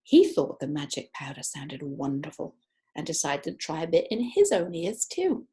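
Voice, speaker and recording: A woman narrating a children's book, expressive and stretching words for effect. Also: low voice, normal speed. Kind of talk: children's audiobook reading.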